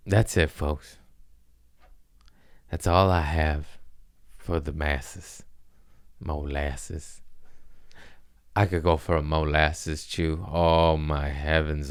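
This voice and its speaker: A man's voice: extremely low pitch, clear, resonant tone, dry recording, studio quality. A man hosting a podcast, rambling through absurd comic tangents, profane and amused at himself. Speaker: podcast host. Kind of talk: rambling comedic monologue.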